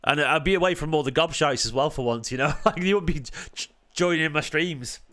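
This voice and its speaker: A man's voice: fairly high pitch, fairly quick, pushed and bright. Sarcastic man arguing with his chat. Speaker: football fan streamer hosting a watchalong. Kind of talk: live-stream match commentary and chat replies.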